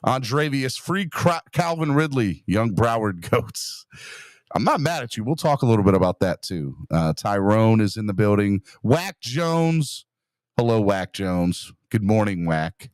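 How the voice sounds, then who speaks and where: A man's voice: fairly low pitch, sing-song, a little slow, no echo, clean studio sound. A man hosting a live sports podcast, upbeat and greeting viewers in the chat by name. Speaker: podcast host. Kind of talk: casual live-stream chat.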